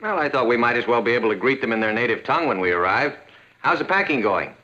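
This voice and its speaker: A man's voice: medium pitch, animated, fast talker, bright, forceful tone. An actor playing a reassuring, easygoing father in a 1960s sitcom. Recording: dull old TV audio.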